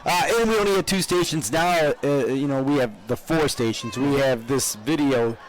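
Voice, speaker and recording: A man's voice: mid-range voice, normal speed, low-quality recording. Chatty older man co-hosting a parade. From upstate New York. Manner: chatty, rambling, laughs often. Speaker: parade co-host. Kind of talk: live parade commentary. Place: outdoors at a street parade.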